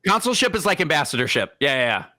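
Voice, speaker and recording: A young man co-hosting a casual podcast, spinning a comic history tale. His voice sits high and swoops widely. The tone is bright, and he keeps breaking into playful mock voices for the people in the story. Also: quick pace. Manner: animated, jumps into exaggerated quoted voices. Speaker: podcast co-host.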